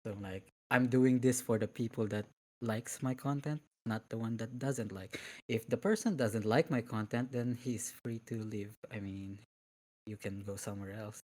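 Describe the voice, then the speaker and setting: A man's voice: on the low side, moderate pace, mellow. A man being interviewed as a guest on a casual podcast, speaking hesitantly and laughing between words.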